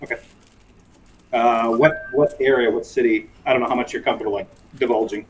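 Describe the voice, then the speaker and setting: A man's voice: mid-range voice, steady tone, a little fast, faint music behind. Hesitant man in casual chat. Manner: hesitant, many restarts and ums. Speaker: guest.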